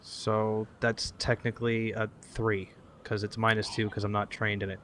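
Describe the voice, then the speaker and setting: A man's voice: lowish voice, level tone, normal speed, a bit bright, a little hiss or hum. A man playing a tabletop role-playing game, talking eagerly and hesitantly with fillers. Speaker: player.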